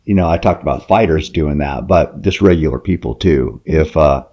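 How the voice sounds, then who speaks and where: A middle-aged man hosting a podcast, talking in a halting, rambling way full of fillers. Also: extremely low pitch, highs cut off. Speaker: podcast host. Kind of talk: casual podcast chat.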